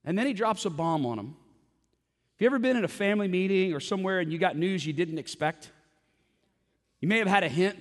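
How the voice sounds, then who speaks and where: A man preaching a sermon at a church service in a conversational way, asking rhetorical questions and often repeating words as he goes. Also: high voice. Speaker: pastor. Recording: long hall reverb.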